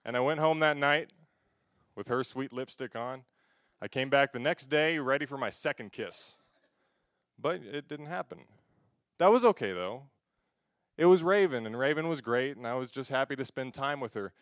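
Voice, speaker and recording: A teenage boy from Alaska performing a self-mocking spoken word piece, swinging between hushed lines and loud bursts. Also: mid-range voice, moderate pace, long pauses, no room sound, clean studio sound.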